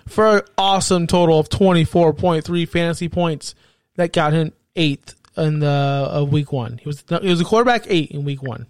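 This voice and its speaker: A man's voice: on the high side, moderate pace, no room sound. A man co-hosting a casual sports chat, reeling off stats and needling his partner. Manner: teasing, stat-heavy, needling. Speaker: podcast co-host.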